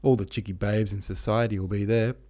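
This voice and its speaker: A man's voice: fairly low pitch, little pitch movement, fairly quick, dark tone, natural voice. A man voicing a chatty young princess.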